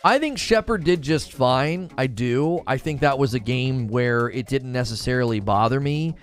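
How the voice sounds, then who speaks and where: A man hosting a live gaming stream, chatting back to viewers in an animated way with quick restarts. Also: medium pitch, soft background music. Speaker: gaming channel host. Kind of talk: live-stream chat reading viewer comments.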